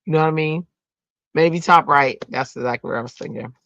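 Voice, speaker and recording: Woman host, chatty live-stream crafter talking to chat, tense bright tone, muffled stream audio. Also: low-pitched, a little fast, dry recording. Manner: chatty, answers chat, breaks into sung bits. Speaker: livestream host. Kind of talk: casual livestream chat while card-making. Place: home craft room.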